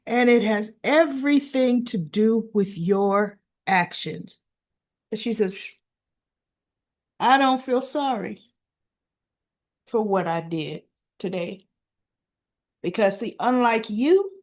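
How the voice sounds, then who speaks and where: A woman hosting a casual soap opera recap, retelling scenes in an animated way and acting out what the characters said. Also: medium pitch, slow pace, pauses often.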